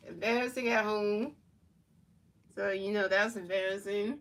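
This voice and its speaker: A woman from Philadelphia calls the plays of a football video game and answers her chat in a casual, looping way, restarting phrases again and again. Her middle-pitched voice stays flat and even. The mic sits a little distant from her. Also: a little slow, long pauses. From Philadelphia, USA. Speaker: gaming streamer. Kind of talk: play-by-play commentary of a football video game, chatting with viewers.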